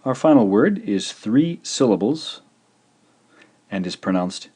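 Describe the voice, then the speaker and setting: A man's voice: fairly low pitch, sing-song, mellow, breathy edge. A man teaching a language lesson, carefully pronouncing syllables and repeating each one. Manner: slow, careful pronunciation of syllables with repetition. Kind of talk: scripted video lesson.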